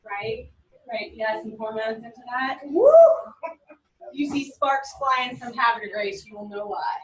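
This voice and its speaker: A woman in her forties teaching a class, animated and telling stories with quoted voices. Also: fairly high pitch, a little slow. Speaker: instructor. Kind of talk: classroom lecture. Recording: echoey room from a distance.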